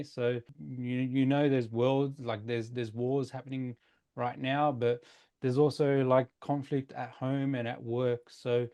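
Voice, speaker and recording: A man leads a casual podcast conversation at an ordinary, mid-range pitch. He sounds upbeat and keeps the talk moving, introducing new topics and passing questions to his co-hosts. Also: darkish tone. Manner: upbeat, steers topics and hands questions to guests. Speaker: podcast host.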